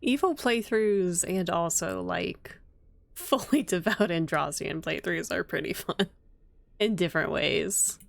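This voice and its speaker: Unhurried, joking woman streamer. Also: fairly low pitch, sing-song, gravelly, no room sound. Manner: chatty, joking, sarcastic. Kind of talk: casual game commentary.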